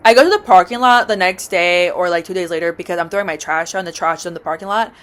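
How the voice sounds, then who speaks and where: A woman's voice: on the low side, fast, fairly bright tone. Young woman, casual storytime, rambling, filler words, swearing, dramatic. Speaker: vlogger.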